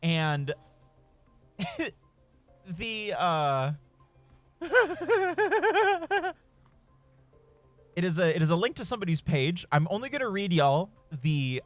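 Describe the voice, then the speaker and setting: A man's voice: a little high, sing-song, takes it slowly, long pauses, dry recording, soft background music. A man streaming a game, rambling through a story in casual, profane chat with frequent chuckles. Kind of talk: casual storytelling while gaming.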